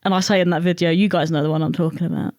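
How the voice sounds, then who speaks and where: A woman co-hosting a casual chat, animated, laughing often and swearing freely. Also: lowish voice, very fast, dry recording, clean studio sound. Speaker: podcast co-host.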